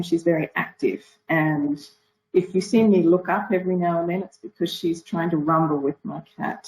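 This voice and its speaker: A woman's voice: fairly low pitch, a little mellow, poor audio. A woman with an Australian accent giving a webinar talk from home in an early-morning voice, friendly and chatty. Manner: friendly, chatty, apologetic asides. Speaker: guest speaker. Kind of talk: webinar presentation.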